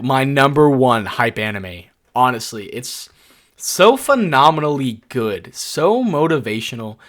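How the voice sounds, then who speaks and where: A young adult man giving casual tier-list commentary, telling rambling, excitable stories padded with lots of "like". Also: medium pitch. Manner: excitable, rambling storyteller full of "like". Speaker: anime YouTuber.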